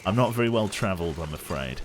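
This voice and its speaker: A young man from the Birmingham area with a plain English accent gives chatty, unhurried live-stream commentary, thanking viewers as he plays. His voice sits very low, yet his intonation moves up and down a lot. A faint hiss runs under the recording. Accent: English, non-regional. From Birmingham area, England. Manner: chatty, relaxed, thanks viewers between game narration.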